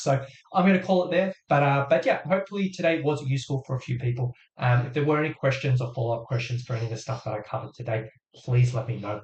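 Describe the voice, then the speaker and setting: A man hosting a live fitness Q&A who explains things step by step in a casual way, with lots of fillers, while his voice is going hoarse. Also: mid-range voice, quick pace, darkish tone, dull audio. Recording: roomy echo.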